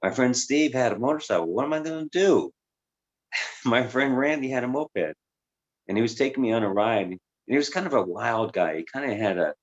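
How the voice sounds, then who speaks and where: Deep-voiced man telling his story. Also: lo-fi sound. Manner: reflective and conversational, with many fillers. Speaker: life coach. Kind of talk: candid personal storytelling.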